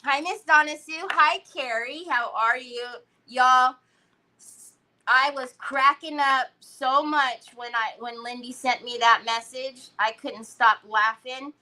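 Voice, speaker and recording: Slow, bright-voiced woman host. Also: high voice, fairly even intonation, poor audio. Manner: chatty, greets viewers by name, laughs often. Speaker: crafting livestream host. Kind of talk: casual livestream craft demo.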